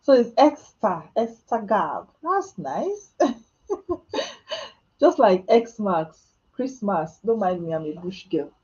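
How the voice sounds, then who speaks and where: A Nigerian woman chats on a live stream, joking about herself and breaking into laughter between answers to viewers. Her voice is mellow and warm, and the sound is a bit dull and muffled. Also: mid-range voice, big pitch swings, slow pace, long pauses. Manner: chatty and self-mocking, laughing often, with Nigerian Pidgin asides. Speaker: vlogger answering live chat questions. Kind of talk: casual live-stream chat. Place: home.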